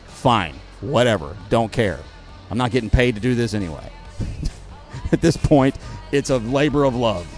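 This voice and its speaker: A man's voice: medium pitch, darkish tone. A man hosting a podcast, ranting bluntly and with exasperation about politics, recorded at an outdoor market. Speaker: podcast host. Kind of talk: opinionated political rant.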